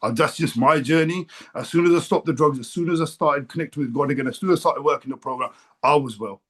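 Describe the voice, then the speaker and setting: A man's voice: on the high side, quick pace, a bit bright. A middle-aged man from England giving a blunt, emotional personal share at a recovery meeting, swearing freely. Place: meeting room.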